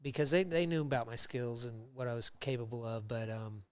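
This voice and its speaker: A man guesting on a podcast, telling his work history in a rambling, casual way with many fillers, and getting animated when he retells old conversations. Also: mid-range voice, fairly quick, clean tone, dry recording, clean studio sound. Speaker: podcast guest, metal fabricator. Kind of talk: casual interview storytelling.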